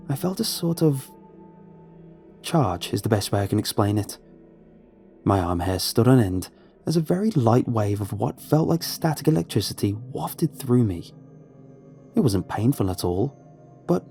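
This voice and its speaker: Male horror narrator, lively dramatic delivery, soft music bed. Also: on the low side. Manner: dramatic, measured storytelling.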